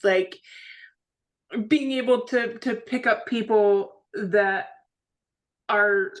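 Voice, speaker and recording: A woman's voice: medium pitch, drawn-out words. A woman co-hosting a podcast in casual chat, earnest and searching for her words. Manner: earnest, searching, many restarts with "like". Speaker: co-host.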